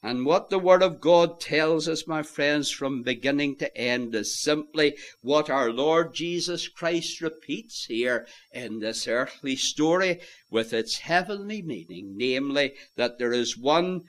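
A male preacher delivering an evangelistic sermon in a fairly high voice that swoops up and down with strong feeling. He speaks slowly and deliberately, repeating key phrases for emphasis. He rises to loud, emphatic peaks as he quotes scripture in old-fashioned wording. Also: lively intonation.

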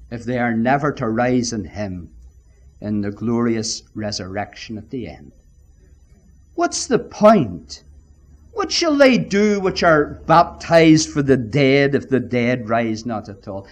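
A man preaching a sermon, emphatic and deliberate, often addressing his listeners as friends. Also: medium pitch, very animated.

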